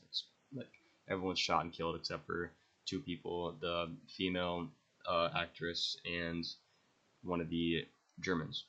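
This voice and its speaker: A man's voice: low-pitched, sharp tone, muffled recording. A young man hosting a podcast, rambling enthusiastically through his favorite movies and swearing freely. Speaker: podcast host. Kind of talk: casual movie ranking monologue.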